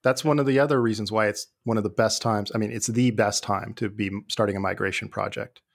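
A man being interviewed, talking in a relaxed, thoughtful way with many fillers and restarts. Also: fairly low pitch, fast talker, gravelly. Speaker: guest, former IT leader. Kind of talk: conversational interview.

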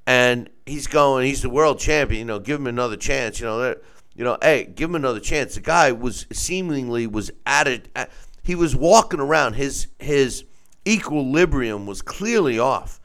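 A man's voice: mid-range voice, animated, normal speed, fairly bright tone, smooth. A man hosting a casual boxing commentary show, giving blunt, opinionated takes.

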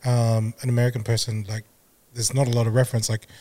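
A man's voice: medium pitch, flat delivery, quick pace, mellow. A man co-hosting a podcast, laid-back and teasing in casual chat. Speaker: podcast co-host.

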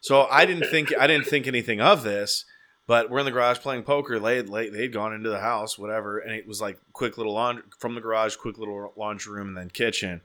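A young adult man hosting a casual chat and telling a story with animated, swearing delivery, acting out what people said. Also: on the low side, brisk. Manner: animated, swearing, acts out quotes.

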